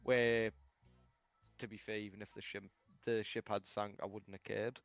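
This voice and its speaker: A man streaming a game, telling a story in casual chat, animated, laughing often and swearing a lot into a headset mic. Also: lowish voice, moderate pace, no room sound, lo-fi sound, soft background music.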